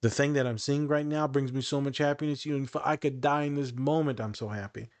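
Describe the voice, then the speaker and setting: A man's voice: mid-range voice, fairly even intonation, brisk. Guy in his 30s on a podcast, talks with lots of feeling, tells stories and does the voices. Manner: emotional, storytelling with acted-out quotes. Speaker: podcast host. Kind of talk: casual podcast chat.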